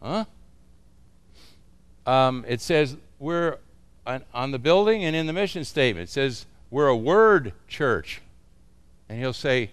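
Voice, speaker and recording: A man's voice: medium pitch, very animated, unhurried, pauses often, smooth. A man teaching other pastors in an informal, folksy way, often chuckling as he talks.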